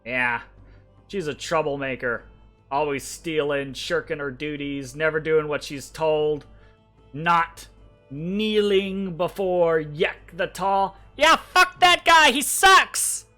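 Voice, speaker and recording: A game master voicing a brash, scornful goblin foreman who complains loudly about a troublesome underling. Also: mid-range voice, lively intonation, slow pace, soft background music, pitched above the performer's own voice. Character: gruff, dismissive goblin foreman.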